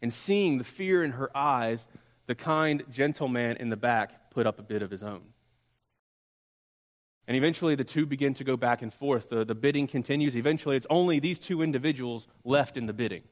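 A man preaching a sermon as pastor, telling a story with dramatic pauses and soft drops. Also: mid-range voice. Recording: long hall reverb.

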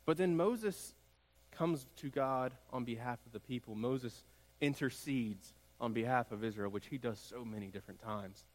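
A male pastor preaches a sermon, building emphasis by repeating phrases with rising intensity. He speaks at a moderate pace in a medium pitch, and a long hall reverb surrounds his voice.

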